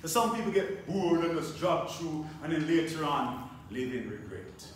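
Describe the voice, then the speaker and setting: A man's voice: fairly high pitch, big pitch swings, normal speed, slight background noise. A man preaching a sermon, repeating phrases and asking the congregation rhetorical questions. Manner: repetitive, rhetorical questions, call-and-response. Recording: very echoey, from a distance.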